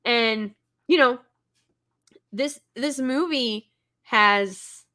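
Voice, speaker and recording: Casting note: woman, bright and fairly high, chatty movie-fan host with lots of fillers. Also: extremely slow. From Texas. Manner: chatty, enthusiastic, many fillers and restarts. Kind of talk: casual movie commentary.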